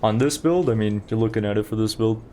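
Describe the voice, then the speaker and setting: A man's voice: fairly low pitch, quick pace, warm tone, slight background noise. A young man streaming a game, chatting casually and rambling to his viewers while he plays. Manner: chatty, rambling, talks to chat while playing. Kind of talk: casual gameplay commentary.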